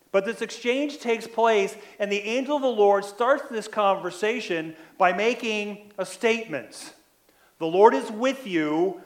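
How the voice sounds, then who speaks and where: Male pastor, high voice, conversational sermon, habitual "right?" tags. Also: fairly bright tone, reverberant. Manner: frequent "right?" tag questions, acts out quoted lines.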